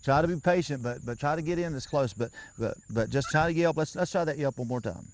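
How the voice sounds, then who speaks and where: A man's voice: on the high side, fast. A man giving a patient, folksy hands-on lesson outdoors, often repeating himself as he coaches a beginner. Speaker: turkey calling instructor.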